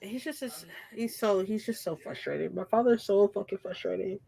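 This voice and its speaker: A woman's voice: mid-range voice, normal speed, vocal fry, mellow, slightly rough. A woman hosting a casual chat, telling stories expressively, quoting people and swearing freely. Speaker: host.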